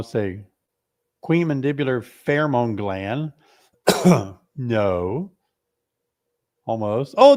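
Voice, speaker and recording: Animated, breathless man hosting a live stream. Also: mid-range voice. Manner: playful, teasing, with animated exclamations. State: short of breath from covid, coughing. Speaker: beekeeping host. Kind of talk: casual live stream chat.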